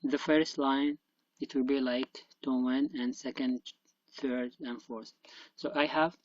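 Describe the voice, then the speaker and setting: A man's voice: medium pitch, fairly even intonation, unhurried, no room sound. Man, teacher, dry close sound, dull lo-fi recording. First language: Arabic. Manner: patient drilling of syllables aloud. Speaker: Chinese teacher. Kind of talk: online pronunciation lesson.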